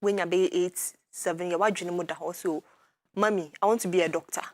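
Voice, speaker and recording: A woman with a Ghanaian accent hosting a studio talk show, lively and switching quickly between Twi and English. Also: fairly low pitch, no echo.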